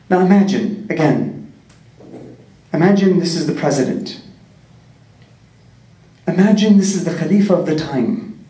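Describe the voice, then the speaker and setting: A man's voice: fairly high pitch, warm tone, recorded from a distance. A man tells a religious story to a community, earnestly asking his listeners rhetorical questions. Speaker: community speaker. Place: large prayer hall. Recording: echoey hall, mic set back.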